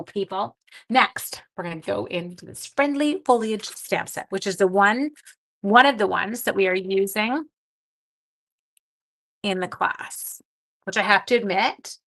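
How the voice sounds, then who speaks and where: With a mid-range, slightly bright voice, a woman hosts a casual live card-making demo, greeting viewers and responding to comments as she works, often speaking partly to herself.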